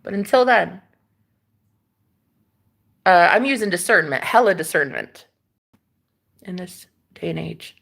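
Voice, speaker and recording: A woman's voice: on the low side, expressive, measured pace, vocal fry, long pauses, fairly bright tone. A woman hosting a casual spiritual livestream from a rented room, sassy and laughing as she talks back to her viewers' comments. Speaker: livestream host.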